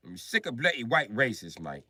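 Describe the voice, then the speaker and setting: A man putting on a furious shouting British man. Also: mid-range voice, big pitch swings, moderate pace, dry recording, heavily acted. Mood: scolding. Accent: British, put on. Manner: shouting, scolding, repeats insults. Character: irate British man berating game developers.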